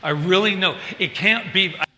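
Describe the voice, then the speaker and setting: Brief: a reverend preaching in a bright, fairly high voice, lively and confiding, in a roomy hall. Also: male voice, normal speed, slight background noise. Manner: animated, playful, confiding. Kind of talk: sermon. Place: church service hall. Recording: echoey hall.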